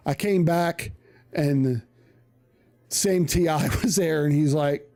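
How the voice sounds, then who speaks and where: A man with a fairly high, mellow voice tells a story in loose, casual talk. He swears freely and jumps into the voices of the people he quotes. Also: moderate pace. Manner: profane, animated, acts out quoted voices. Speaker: streamer telling a story.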